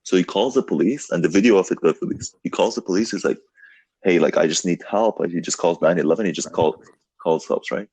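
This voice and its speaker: Young male podcast host, low husky voice, animated and loose, leans on "dude" and "like". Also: fast, no echo. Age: young adult. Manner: animated storytelling, heavy on "like" and "dude". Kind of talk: casual chat.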